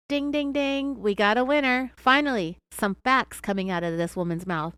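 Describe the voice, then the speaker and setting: A woman's voice: fairly high pitch, normal speed, hardly any pauses, a bit bright, clear, resonant tone, no echo. A woman hosting a true crime podcast, giving scornful, sarcastic commentary. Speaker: podcast host.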